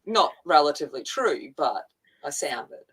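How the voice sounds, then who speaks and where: An Australian woman from a country town, co-hosting a casual livestream chat, talking in halting restarts and laughing often. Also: deep voice, very animated, fairly bright tone, slightly rough, poor audio. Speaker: co-host.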